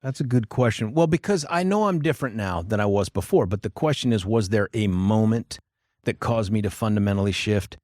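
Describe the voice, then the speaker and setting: A middle-aged man, a district attorney, telling stories in a casual interview with an animated, expressive manner. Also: fairly low pitch, fairly quick, dry recording, clean studio sound.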